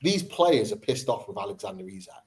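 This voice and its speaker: A man's voice: lowish voice, very animated, fairly quick, a little hiss or hum, low-quality recording. A man hosting a football fan podcast, debating with passion and repeating his points for emphasis.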